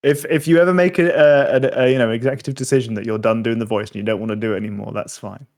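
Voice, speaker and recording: A man's voice: medium pitch, fairly even intonation, fast talker, a little mellow. A man running a tabletop game as game master, laughing often and cheering the players on. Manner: laughs often, upbeat and encouraging. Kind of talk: casual tabletop game chat.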